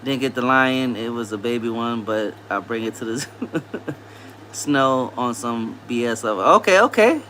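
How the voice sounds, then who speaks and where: There's a little hiss or hum as a Louisiana man with a Southern accent hosts a laid-back livestream. His mid-range voice is expressive and sharp-toned, a little slow, as he cheerfully reads viewers' comments aloud and says hello to them.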